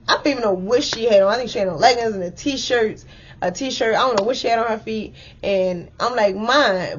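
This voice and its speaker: A young woman casually telling a story to her viewers, animated and full of "like" and "y'all". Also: medium pitch, husky, dull audio. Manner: chatty, animated, addresses viewers as y'all with many likes.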